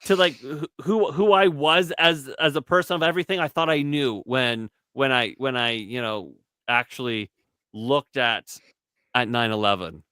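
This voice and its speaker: A man's voice: mid-range voice, moderate pace, sharp tone, clear, resonant tone, no room sound. A man, hosting a podcast and telling long, rambling, profane stories in casual chat. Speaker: podcast co-host.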